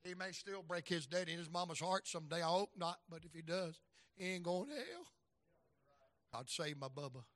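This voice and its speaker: A middle-aged man preaching a sermon as an evangelist, telling folksy stories and acting out voices, swinging from loud to soft. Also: high-pitched, expressive, normal speed, no room sound.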